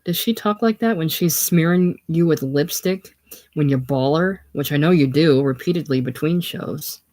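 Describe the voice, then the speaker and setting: A reader voicing a proud, wounded young woman with a soft but sharp-tongued manner in a casual play reading. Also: medium pitch, moderate pace, close to an everyday voice. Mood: bitter. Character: proud, hurt young woman, fallen lady.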